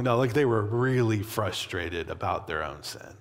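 A man's voice: lowish voice, moderate pace. A man preaching a sermon in a loose, conversational way, often checking in with "right?" and acting out quoted voices. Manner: conversational, animated, frequent "right?" asides. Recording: long hall reverb.

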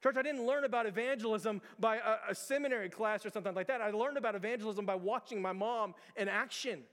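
Casting: male pastor with a high voice, earnest sermon full of rhetorical questions, church hall reverb. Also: fast talker, fairly bright tone.

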